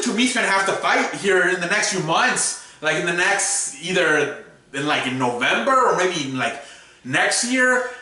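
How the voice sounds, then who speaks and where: High, bright-voiced man ranting, echoey room. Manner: profane, repetitive, exasperated ranting. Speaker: YouTube sports commentator. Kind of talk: ranting commentary. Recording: very echoey room, far from mic.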